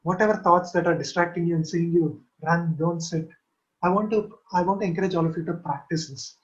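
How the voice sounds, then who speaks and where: A man with a high voice teaches in an earnest sermon style. He urges his listeners on and comes back to the same phrases again and again. The sound is dull and lo-fi, like audio from an online call. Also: steady tone, fairly quick. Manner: earnest, repeats key phrases to exhort. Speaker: Christian teacher.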